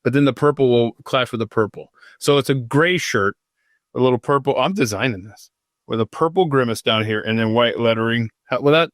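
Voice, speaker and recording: A man's voice: mid-range voice, brisk, no echo, clean studio sound. A man hosting a podcast in an unscripted, casual way, drifting off topic into self-mocking asides while reading out history. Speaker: podcast host.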